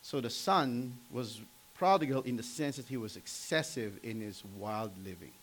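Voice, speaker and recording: Man in his 40s, pastor, chatty storytelling sermon, throat-clearing, addresses the congregation. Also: mid-range voice, animated, moderate pace, low-quality recording. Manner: conversational storytelling, asks the audience questions, often clears throat.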